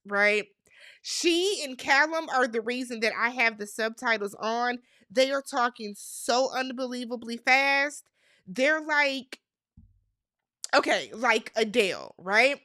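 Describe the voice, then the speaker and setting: Bright, chatty woman recapping TV. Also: on the high side, no room sound, clean studio sound. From United States. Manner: chatty, animated, slangy, mimics cast members' lines. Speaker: recap vlogger. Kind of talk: casual TV recap commentary.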